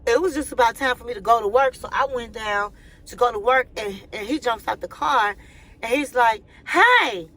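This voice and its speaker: Animated woman telling a story. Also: a little high, a little fast, rough recording. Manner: animated, acts out the dialogue. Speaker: vlogger. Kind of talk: casual storytime.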